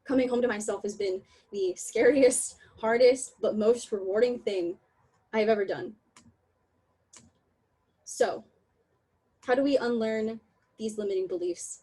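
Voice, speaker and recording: Candid young woman with a husky voice. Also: a little high, a little slow, long pauses, warm tone, low-quality recording. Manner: candid, emotional, laughs often, apologetic asides. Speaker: talk presenter. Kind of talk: online workshop talk.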